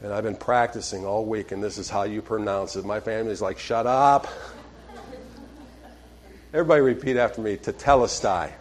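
A man preaching a sermon in a conversational way, dropping to quiet tones on scripture and often checking in with "okay?". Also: fairly low pitch, fast, few pauses. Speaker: pastor.

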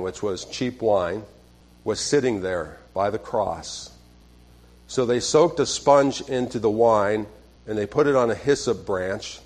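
A man preaching a sermon in a conversational way, dropping to quiet tones on scripture and often checking in with "okay?". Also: on the low side. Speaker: pastor.

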